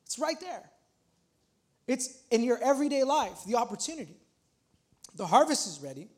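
High-voiced man preaching in his thirties. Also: sing-song, moderate pace, a little mellow. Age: 30s. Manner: casual, repeats himself, builds to emphatic points. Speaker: pastor. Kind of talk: conversational sermon. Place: small church.

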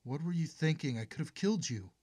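A man's voice: fairly low pitch, steady tone, measured pace. Man voicing a wounded, insistent mother. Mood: frantic. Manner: anxious, insistent. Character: wounded mother, frantic then resigned. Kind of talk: audiobook character voice.

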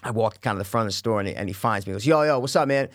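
A man with a fairly low voice tells a long story at a very fast clip in casual conversation. He's animated, swears freely, and acts out what other people said.

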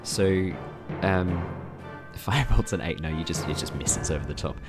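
A man acting as game master, narrating a tabletop game in a relaxed, chatty way and laughing often. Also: deep voice, moderate pace, soft background music.

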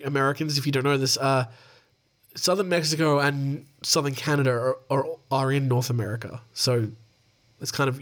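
A man's voice: on the high side, fairly bright tone. A young Australian man hosting a podcast, reading news stories with sweary, laughing asides and sounding tired. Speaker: podcast host.

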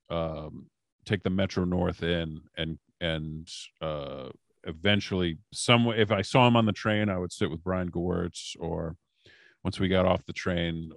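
A man's voice: deep voice, creaky, no echo. A man guest on a podcast telling casual stories in a rambling way, with many fillers and restarts. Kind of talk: casual storytelling.

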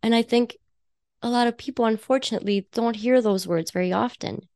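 A woman guesting on a podcast as an intuitive coach, talking in a chatty, warm way with frequent laughs, fillers and restarts. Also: fairly high pitch, fairly quick, no echo, studio quality. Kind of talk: casual podcast conversation.

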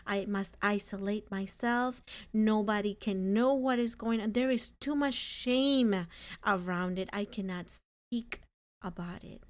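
A woman hosting a faith-based podcast, speaking earnestly and reading scripture aloud. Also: mid-range voice. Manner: earnest, reads scripture slowly. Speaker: podcast host.

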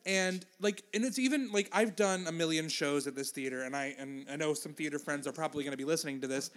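A man's voice: on the high side, fast talker. A man co-hosting a podcast in casual chat who laughs often and swears casually. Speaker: podcast co-host, stage actor.

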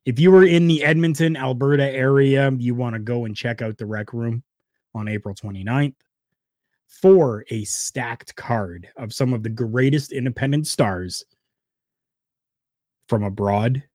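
A man hosting a wrestling podcast in casual, heartfelt talk, jumping from loud bursts to quiet asides. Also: medium pitch, unhurried, no room sound. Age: adult, former wrestler. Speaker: podcast host.

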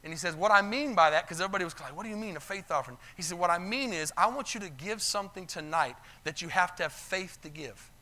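Male pastor preaching from the pulpit; high, bright voice, retells stories in quoted voices. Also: expressive, quick pace, hardly any pauses. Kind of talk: sermon storytelling. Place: church sanctuary.

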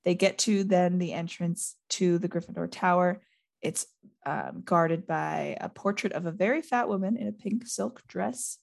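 A woman's voice: fairly low pitch, measured pace, vocal fry. A woman hosting a casual chat, giggly and chatty, retelling a novel and reading passages aloud. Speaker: podcast host.

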